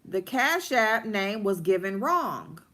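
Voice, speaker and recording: A woman telling a story during a livestream, animated and blunt, with plenty of swearing. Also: mid-range voice, takes it slowly. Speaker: livestream host. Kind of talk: casual storytime rant.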